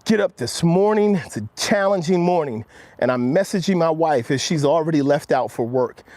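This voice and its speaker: A man's voice: animated, moderate pace, no echo. A man hosting a motivational walk-and-talk live stream outdoors, coaching viewers earnestly and speaking straight to them. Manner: drops low and quiet when quoting himself.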